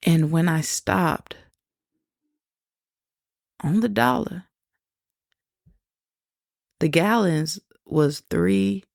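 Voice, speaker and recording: A woman podcast host telling a personal faith testimony, slow and reflective, with soft laughs between thoughts. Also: low-pitched, gravelly, dry recording, studio quality.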